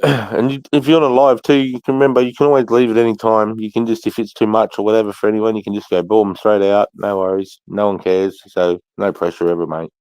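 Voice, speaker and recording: A man's voice: on the low side, level tone, fast talker, darkish tone, clean tone, no room sound. A man hosting a live stream, chatting casually, greeting viewers and swearing freely. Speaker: livestream host.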